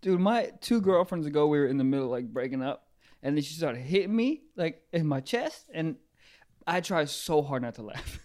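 A man laughing and reacting loudly in casual crude podcast banter. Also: on the high side, lively intonation, normal speed.

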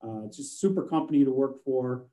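A man's voice: mid-range voice, animated, fast talker, warm tone. A man speaking as a sales manager and guest in a casual interview from his office, friendly and full of fillers. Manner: friendly, filler-heavy with many uh's.

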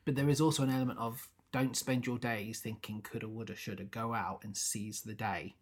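A woman's voice: extremely low pitch, steady tone, a little fast. A woman co-hosting a podcast, chatting casually and acting out characters' lines as she retells scenes. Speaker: podcast co-host. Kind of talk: casual chat about a musical.

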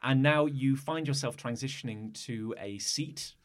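A man's voice: medium pitch, unhurried. A man running a tabletop role-play as game master, narrating in a chatty, rambling way.

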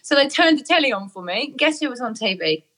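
A woman's voice: fairly high pitch, animated, a little fast, pushed and bright. A middle-aged woman in a casual chat, telling a story with lots of laughter and acted-out voices. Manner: chatty storyteller, laughing often, acts out voices.

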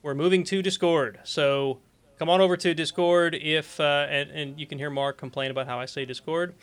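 A man's voice: on the high side, steady tone, moderate pace, clean tone. A middle-aged man hosting a live-streamed podcast, rambling through announcements and breaking off into laughs and asides. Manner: rambling, self-interrupting, laughs often. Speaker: podcast host. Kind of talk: casual live-stream chat.

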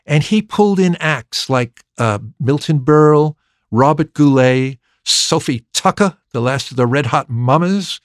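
An older man, a record producer telling stories from his youth in an interview, with many halting restarts. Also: a little high, lively intonation, dry recording, clean studio sound. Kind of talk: storytelling interview.

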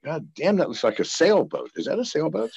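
Man, podcast guest, profane, rambling, gravelly husky voice, very lively delivery. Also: a little high, brisk, muffled recording. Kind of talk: casual interview. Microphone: video call.

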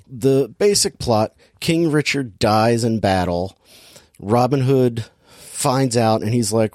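A man's voice: medium pitch, slow pace, a little mellow, dry recording, studio quality. A man hosting a casual movie-review chat, talking in a sardonic, rambling, exasperated way.

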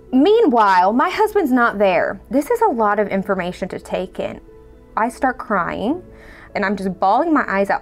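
A woman telling her own story in a conversational way, acting out the dialogue she quotes. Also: mid-range voice. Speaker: storyteller guest. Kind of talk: personal storytelling.

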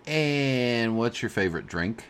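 Bright-voiced male podcast host. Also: mid-range voice, expressive, a little slow, a little hiss or hum. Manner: teasing, prompting questions. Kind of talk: casual interview chat.

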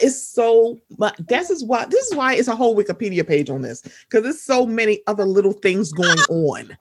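A woman's voice: medium pitch, very animated, moderate pace, few pauses, slightly rough, no room sound, studio quality. A young woman chatting casually as a podcast co-host, acting out her own reactions in quoted asides. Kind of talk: casual chat.

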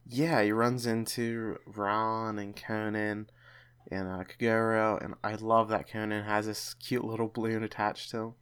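A man hosts a casual podcast in a low, smooth, resonant voice. He talks in a chatty way and often trips over and restarts his sentences. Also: level tone, a little slow, a bit bright. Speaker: podcast host.

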